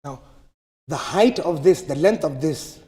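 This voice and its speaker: A man's voice: on the high side, animated, measured pace, warm tone. A man teaching recitation rules in a live class, explaining step by step and checking that students follow. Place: large mosque hall. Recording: long hall reverb.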